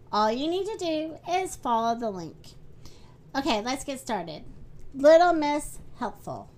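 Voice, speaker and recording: A woman hosts a children's story podcast and reads the tale aloud. Her voice sits high, and she takes a slow, friendly pace. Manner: friendly, animated read-aloud.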